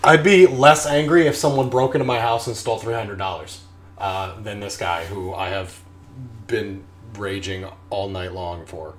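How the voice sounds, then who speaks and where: A man ranting profanely on a casual live stream while brewing beer in his kitchen, swinging from muttering to shouting. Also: on the low side, steady tone, moderate pace, roomy sound. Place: home kitchen.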